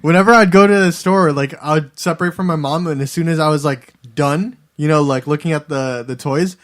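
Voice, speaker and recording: A man's voice: a little high, a little fast, fairly bright tone. A young man co-hosting a casual podcast, teasing the others with wisecracks. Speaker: podcast co-host. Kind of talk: casual chat.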